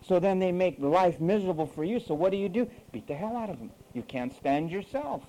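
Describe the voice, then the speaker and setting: A man's voice: sits high, lively intonation, a little fast, warm tone, a little hiss or hum, low-quality recording. A male preacher delivering an emphatic sermon full of rhetorical questions.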